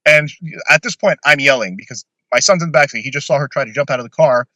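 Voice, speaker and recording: Guy telling a wild story on a pod, bright voice, swears a lot, dry close sound. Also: mid-range voice, quick pace, no echo. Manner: blunt, swears freely, many restarts. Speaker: podcast guest telling a story. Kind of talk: casual storytelling.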